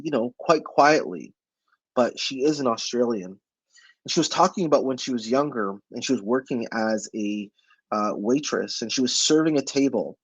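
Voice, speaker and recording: Husky-voiced man giving an emphatic presentation. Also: mid-range voice, no echo, rough recording. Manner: emphatic, many rhetorical questions. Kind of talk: motivational webinar talk.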